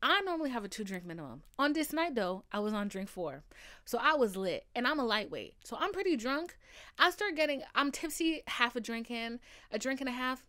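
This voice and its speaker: A woman in her twenties hosting a podcast, telling personal stories in a casual, animated way with lots of swearing. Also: on the high side, a little fast. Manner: animated, profane, says "okay?" often. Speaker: podcast host. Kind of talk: casual storytelling monologue.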